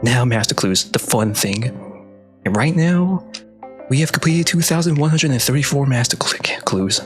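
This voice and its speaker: A man talks through his gameplay in a quiet, soft late-night voice at an ordinary middle pitch. He is excitable and swears freely, breaking into gasps and whispers. Faint music plays underneath. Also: a little fast. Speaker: gaming video creator. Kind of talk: casual gameplay commentary.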